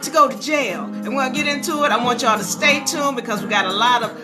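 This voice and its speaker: Woman host on a live stream, chatty and animated, fairly high voice, sing-song bits, music behind her. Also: fast talker. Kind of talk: live-stream talk to viewers. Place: live social-media stream.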